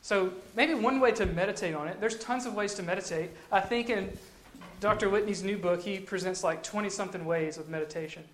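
A man's voice: sits high, brisk, slight background noise. A man giving casual devotional teaching, talking in a conversational way and repeating phrases for emphasis. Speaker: Christian teacher. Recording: echoey room.

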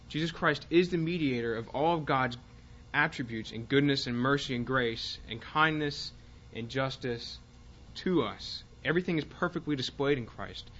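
A man teaching a Bible class, speaking haltingly with fillers and restarts and reading passages aloud with more force. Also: medium pitch, a bit bright, muffled recording.

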